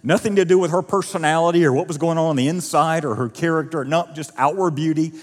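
A man preaching a sermon as pastor, telling the story with lively acted-out dialogue. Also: on the high side, fast, long reverb tail. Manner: animated storytelling, acting out quoted voices. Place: church auditorium.

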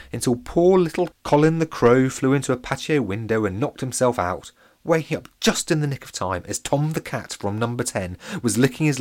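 A man narrating a children's audiobook, with playful asides to his listeners. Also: medium pitch. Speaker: storyteller.

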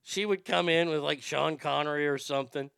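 A man, a comedian and impressionist, chatting casually on a podcast in a profane, animated way with stammering restarts, close to the mic. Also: a little high, fairly quick, creaky, clear, resonant tone, dry recording.

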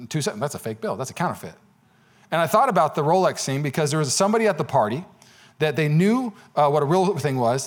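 A young man preaching a sermon as pastor, conversational and joking, building into rising repeated appeals. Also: on the high side.

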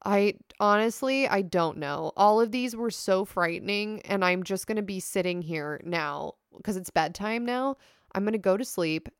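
A young woman co-hosting a podcast chats expressively and swears now and then. Her voice is smooth and resonant, recorded dry and close with no room sound, at a middle pitch. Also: normal speed, no room sound. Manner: expressive storyteller, swears casually. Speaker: podcast co-host. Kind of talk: casual chat.

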